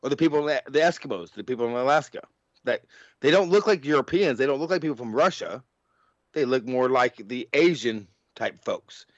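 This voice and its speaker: A man's voice: mid-range voice, lively intonation, a little fast, no room sound, muffled recording. A man hosting a casual podcast chat, rambling through questions with frequent laughs and restarts. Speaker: podcast host.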